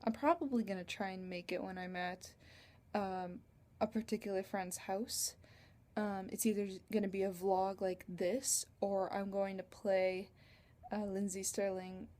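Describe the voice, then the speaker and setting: Recorded through a computer webcam, a chatty teenage vlogger giggles as she rambles through a story. Her medium-pitched voice is mellow, warm, and steady, and she speaks a little slowly.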